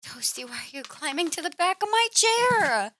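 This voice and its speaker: A woman's voice: very high-pitched, very animated, normal speed, pushed and bright, dry recording. A woman live-streaming a game from home, chatting casually and cooing at and scolding her cat between remarks. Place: home room.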